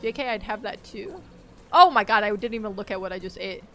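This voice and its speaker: A woman's voice: mid-range voice, brisk, a bit bright, soft background music. A woman chatting casually on a game live stream, rambling, laughing often and reacting aloud to the game. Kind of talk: casual live-stream chat while gaming.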